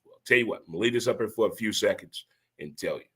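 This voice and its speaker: Husky-voiced man hosting a talk show. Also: fairly low pitch, lively intonation, very fast. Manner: folksy, repeats catchphrases, addresses listeners directly. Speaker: podcast host. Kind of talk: casual talk show monologue.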